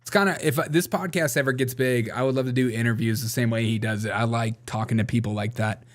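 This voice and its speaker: A man's voice: medium pitch, fairly even intonation, fast. A man hosting a casual political commentary show, sarcastic and laughing often as he reads out viewer comments. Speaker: show host.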